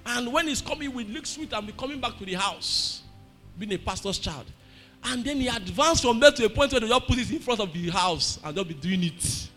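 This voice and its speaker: A man with a Nigerian accent preaching a sermon, telling stories and breaking into shouted emphasis. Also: very high voice, expressive, fairly quick, soft background music. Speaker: pastor.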